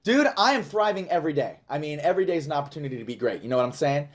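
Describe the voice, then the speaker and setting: Brief: male magician, showy self-mocking patter, animated pitch. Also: rapid-fire. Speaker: magician performing for a live audience.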